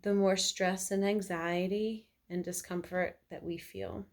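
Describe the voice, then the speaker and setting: A woman leading a guided meditation at home, talking in calm, gentle, unhurried instructions. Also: mid-range voice. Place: indoors at home by an electric fireplace.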